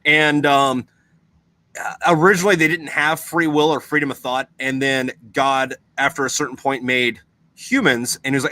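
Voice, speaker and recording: A man's voice: medium pitch, little pitch movement, moderate pace, pushed and bright. A man in casual podcast chat who tells stories in a rambling, profane way.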